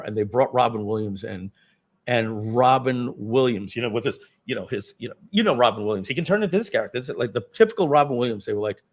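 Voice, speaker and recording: A man's voice: medium pitch, lively intonation, fairly quick. A man hosting a live online workshop, telling a rambling anecdote with lots of fillers. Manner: rambling, many fillers, acts out quotes. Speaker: webinar host. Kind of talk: casual storytelling.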